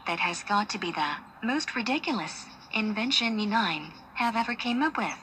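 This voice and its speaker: A bossy cartoon girl, as a woman voices her. She speaks at a mid pitch in a flat, synthetic delivery. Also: moderate pace, a little hiss or hum, low-quality recording.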